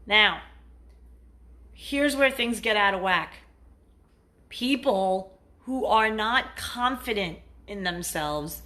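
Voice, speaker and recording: A woman's voice: a little high, sharp tone. A woman dating coach giving blunt, profane relationship advice in a casual vlog monologue, acting out what partners say.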